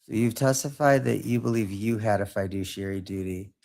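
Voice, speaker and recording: A man with a fairly low voice questions a witness in clipped, precise legal language. He sets out each question carefully and plainly. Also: creaky, darkish tone. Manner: precise, measured, legal phrasing. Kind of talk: formal cross-examination.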